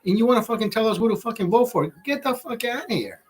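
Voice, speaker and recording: Honduran guy ranting on his livestream, swears nonstop, flips into spanish, bit of a higher voice. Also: expressive, quick pace, a little mellow, slightly rough. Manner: profane, ranting, switches between English and Spanish. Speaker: livestream host. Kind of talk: casual livestream chat. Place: Los Angeles, California.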